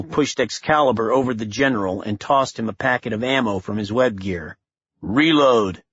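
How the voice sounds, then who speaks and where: A male narrator reading a thriller audiobook in a steady, measured way. His voice is husky and close, with a dry sound and no room echo. The recording is slightly dull. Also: mid-range voice. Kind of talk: scripted narration.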